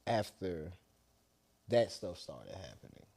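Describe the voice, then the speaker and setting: Speaking slowly in a deep, dark, sing-song voice with vocal fry, this young Southern-accented man from Atlanta, USA, is a rapper guest in a casual interview. He chats loosely and lets his thoughts trail off at the ends.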